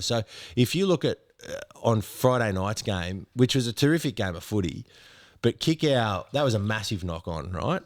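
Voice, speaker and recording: A man with an Australian accent, a podcast co-host, sounding hoarse from illness and joking dryly as he talks about the sport. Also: lowish voice. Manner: dry, joking. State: hoarse, unwell. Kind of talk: casual sports chat.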